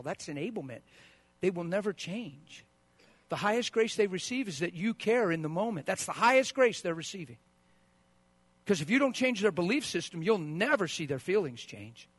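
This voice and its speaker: Passionate preacher, quiet to booming. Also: male voice, expressive, a little fast, dry recording. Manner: passionate preaching that swings from quiet asides to loud, driving peaks; mocks sentimental sympathy with a high, wailing put-on voice. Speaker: pastor. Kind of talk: sermon.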